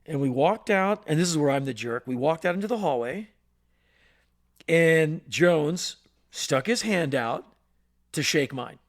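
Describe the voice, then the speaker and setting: A man co-hosting a podcast, telling a story in an animated way and acting out voices and sounds. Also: fairly high pitch, measured pace. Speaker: podcast co-host. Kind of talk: storytelling in casual chat.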